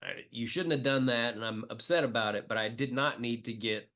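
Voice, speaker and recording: A man's voice: medium pitch, brisk, fairly bright tone. A middle-aged man from the Midwest, a comedian talking as a podcast guest, telling emotional stories with many fillers. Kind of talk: casual interview chat.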